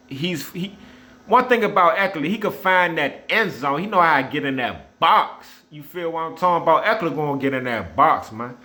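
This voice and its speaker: Blunt, swearing football fan ranting. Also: male voice, fairly high pitch, a bit bright. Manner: blunt, repetitive, trash-talking, swears often. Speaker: sports vlogger. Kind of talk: casual opinionated rant.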